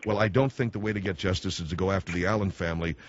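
A man's voice: low voice, rapid-fire, dull audio, a little hiss or hum. A middle-aged man hosting a radio talk show, rambling wryly in a casual monologue. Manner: rambling, wry.

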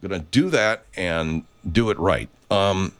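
Middle-aged male podcast host, very low voice with lively swings, casual and profane, rambling with lots of restarts. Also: slow pace. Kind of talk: casual reflective monologue.

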